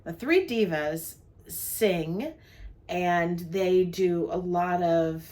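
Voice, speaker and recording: An older woman with a low-pitched voice chats her way through a travel vlog, running down the day's plans in a relaxed, friendly way. She is from New Jersey and co-hosts with her husband. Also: very slow. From New Jersey, USA. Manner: chatty, lists the day's plans. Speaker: vlog co-host. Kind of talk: casual travel vlog chat.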